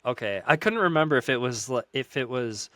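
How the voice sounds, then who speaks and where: A man's voice: medium pitch, animated, fairly quick, fairly bright tone, no room sound. A man co-hosting a podcast in casual chat, easygoing and self-deprecating, laughing often. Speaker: podcast co-host.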